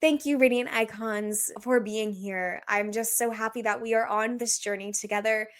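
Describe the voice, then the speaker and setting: A woman's voice: on the high side, steady tone, moderate pace. A woman in her twenties hosting a solo podcast, talking in an earnest, confessional way with lots of "like.". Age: 20s. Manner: earnest, confessional, says "like" often. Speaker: podcast host.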